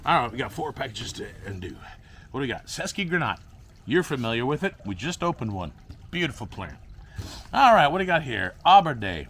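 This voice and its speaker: Goofy young man vlogging plants, rambling, swooping pitch, camera mic. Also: lively intonation, brisk, fairly bright tone, a little hiss or hum. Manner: rambling, goofy, talks to himself and viewers. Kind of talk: casual vlog while repotting plants.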